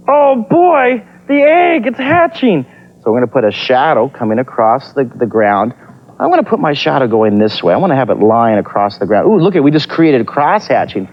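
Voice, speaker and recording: A man hosting a kids' drawing lesson on TV, walking viewers through each pencil line in an upbeat, encouraging way. His voice is mid-pitched and lively, rising and falling a lot. The sound is muffled and lo-fi, like an old taped broadcast. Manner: upbeat, encouraging, talks while sketching. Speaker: TV drawing teacher and host. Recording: dull lo-fi TV broadcast copy.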